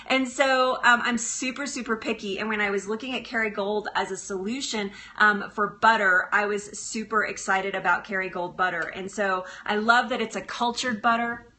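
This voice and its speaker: A woman's voice: mid-range voice, pushed and bright. A woman hosting a live cooking demonstration in her kitchen, chatty and bubbly, often laughing as she talks to her viewers. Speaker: cooking show host. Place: kitchen at the stove. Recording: sizzling frying pan in background.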